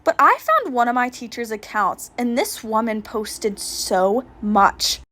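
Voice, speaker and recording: A young woman telling funny stories in a casual storytime style, with animated, exaggerated reactions. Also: a little high, unhurried.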